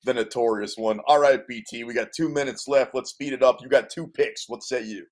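Male sports radio host, mid pitch, emphatic and hyped, sells every pick. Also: steady tone, a little fast, darkish tone. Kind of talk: casual sports radio banter.

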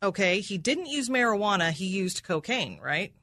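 A woman's voice: mid-range voice, sing-song, moderate pace, a bit bright, no room sound. A woman prosecutor cross-examining a witness in an aggressive, accusatory manner, repeating his answers back and ending with "right?".

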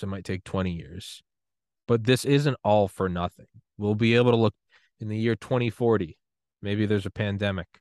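A man from the United States hosting a podcast interview, talking in a casual, animated way that swings into loud outbursts. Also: fairly low pitch, dry recording, studio quality. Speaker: podcast host.

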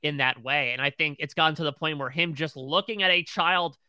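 A man's voice: fairly high pitch, fairly quick, bright, forceful tone, clean tone, no room sound. A man co-hosting a TV recap podcast, retelling scenes in close detail. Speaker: podcast co-host.

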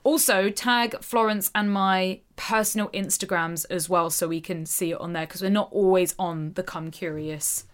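A woman co-hosting a podcast, chatting casually, excitable and giggly, swearing freely. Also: on the low side, normal speed, few pauses. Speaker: podcast co-host. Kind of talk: casual chat.

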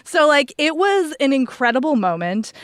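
A woman with a high, very animated voice co-hosts a book podcast, recommending novels at normal speed in a casual chat. Her delivery is rambling and enthusiastic, often restarting sentences, and the studio-quality recording has no room sound.

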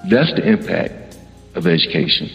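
A man hosting a podcast panel, praising his guests warmly and stumbling over repeated words. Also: low voice, lively intonation, moderate pace, vocal fry, in a large hall, highs cut off, soft background music. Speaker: podcast host. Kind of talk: emotional panel introduction.

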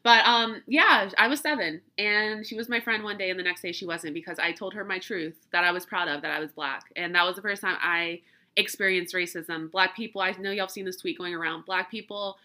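A woman speaks candidly on her podcast, swearing and laughing often. Her voice is very bright and forceful. She sounds congested from crying and allergies. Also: on the low side, a little fast. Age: 30s. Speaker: podcast host. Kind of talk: casual solo podcast talk.

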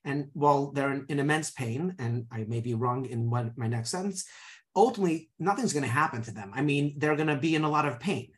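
Halting male podcast host. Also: mid-range voice. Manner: halting, many restarts, thinking aloud. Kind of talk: podcast interview.

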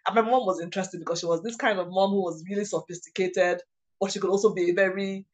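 A woman, a mother of several children, telling a personal story in a halting, emotional way, often restarting her sentences. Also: medium pitch, steady tone. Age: adult mother of several children. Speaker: guest sharing a personal story.

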